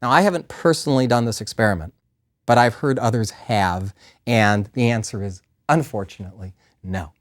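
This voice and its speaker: A man's voice: fairly low pitch, normal speed. A middle-aged man giving a recorded math lecture as a professor, playful and enthusiastic. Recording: compressed 2000s DVD lecture audio.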